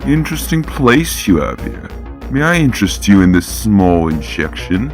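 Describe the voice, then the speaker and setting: A man voicing a sinister male villain with a smooth, scheming manner. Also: on the low side, big pitch swings, normal speed, faint music behind.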